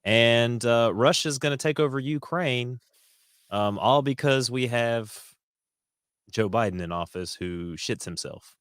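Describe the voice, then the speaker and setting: A man's voice: medium pitch, unhurried, fairly bright tone, clean tone, no echo. A man co-hosting a podcast in casual chat, with dry and sarcastic jokes. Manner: sarcastic joking. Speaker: podcast co-host.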